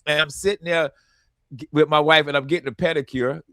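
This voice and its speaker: Bright-voiced male radio host telling stories. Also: a little high, fairly quick, no room sound. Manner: animated storytelling, acts out quotes. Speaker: radio show host and touring comedian. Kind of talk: casual radio talk.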